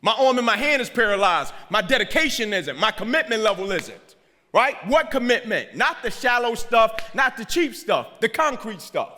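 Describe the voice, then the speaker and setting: Man, motivational keynote speaker, high bright voice, preacherly, echoing in a big hall. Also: very animated, moderate pace. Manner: preacherly, repeats lines for emphasis, asks "right?" of the crowd. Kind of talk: keynote speech. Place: large hall. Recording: hall reverb.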